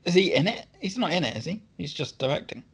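Male podcast co-host, a bit high-pitched and gravelly, easygoing. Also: lively intonation, fast. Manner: laughs often, short replies. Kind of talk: casual chat.

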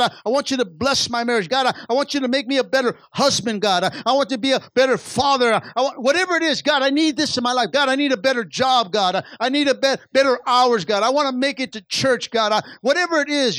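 High-voiced male pastor preaching. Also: fairly bright tone, no room sound. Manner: preaching with rising and falling intensity, many repetitions and stammered restarts. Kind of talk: sermon.

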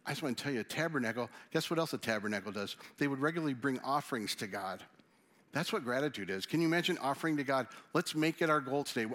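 Animated man preaching. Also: medium pitch. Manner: animated, conversational preaching with acted asides. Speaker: pastor. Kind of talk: sermon.

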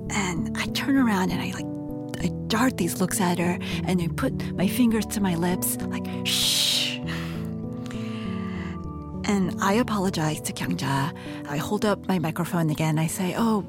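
A woman in her thirties recounts her own experience in a casual, chatty way, peppering her sentences with "like" and restarting them often. Her pitch swings about with lively animation, and music plays underneath. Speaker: radio reporter telling her own story. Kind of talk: casual storytelling.

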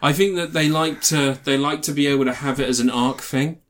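A man's voice: on the high side, fairly even intonation, a little fast. A man, co-hosting a casual podcast chat, who laughs often and acts out silly voices. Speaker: podcast co-host.

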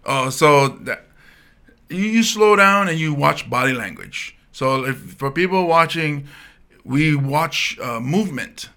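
Gravelly Hawaiian storyteller man, bright voice. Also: on the high side, slow pace. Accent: Hawaiian Pidgin-tinged English. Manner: animated storyteller acting out quoted voices. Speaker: comedian guest. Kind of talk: storytelling in casual podcast chat.

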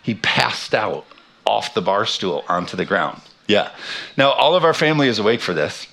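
A man's voice: on the low side, expressive, moderate pace, creaky, pushed and bright. A man in his thirties, a pastor preaching a sermon, telling a funny family story with self-deprecating humor. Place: church sanctuary.

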